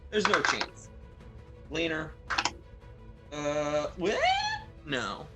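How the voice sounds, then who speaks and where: A woman's voice: low voice, animated, very slow, over loud music. A woman playing in a tabletop game, thinking aloud over her dice rolls and repeating herself. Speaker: player. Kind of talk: casual tabletop game talk.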